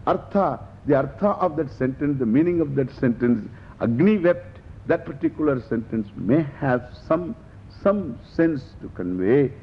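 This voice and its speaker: A man's voice: expressive, a little slow. Man with lecturing on scripture. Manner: explains Sanskrit terms in English, repeats key phrases. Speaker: Vedanta teacher. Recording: dull lo-fi lecture recording with faint rumble.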